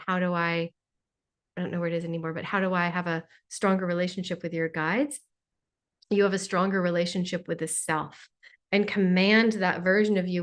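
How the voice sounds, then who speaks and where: A woman hosting a spiritual Q&A on a live video call, talking in a playful, joking way with sarcastic asides. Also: lowish voice. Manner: playful, jokey, sarcastic asides, mimics voices.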